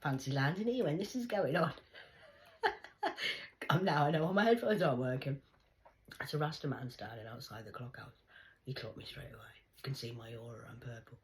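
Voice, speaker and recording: A middle-aged Englishwoman talks straight to camera in a loose, rambling monologue. Her delivery is blunt and salty, full of swearing. She drops into lively put-on voices when she quotes people. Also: extremely low pitch, moderate pace, pauses often, rough recording. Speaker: vlogger. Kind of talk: casual monologue storytelling.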